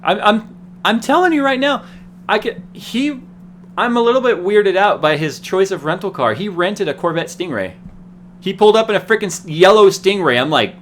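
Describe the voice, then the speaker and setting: A man's voice: high-pitched, normal speed, a little hiss or hum. A man hosting a casual tech livestream, rambling and laughing while he tells stories. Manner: laughing, rambling, animated storytelling. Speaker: host.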